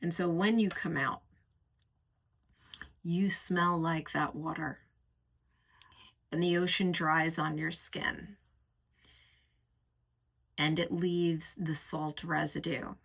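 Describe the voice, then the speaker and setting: Reviewing perfumes in relaxed, chatty fashion, this woman speaks in a voice that's low-set but bright and forceful, with vocal fry and fairly even intonation. She takes her time, drawing out words and gushing about each scent through vivid, sensual descriptions.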